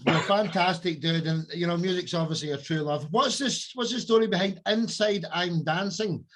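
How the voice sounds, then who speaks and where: A man's voice: high-pitched, normal speed, a bit bright. A man hosting a music podcast, chatty and effusive as he introduces guests. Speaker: podcast host. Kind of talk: casual podcast chat.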